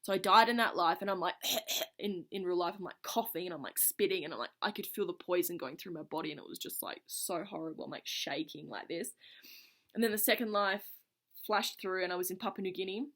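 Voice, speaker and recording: A woman's voice: on the low side, a little fast, a bit bright. A woman vlogger casually telling a personal story to camera in an earnest, reflective way, her phrases running on loosely with many fillers.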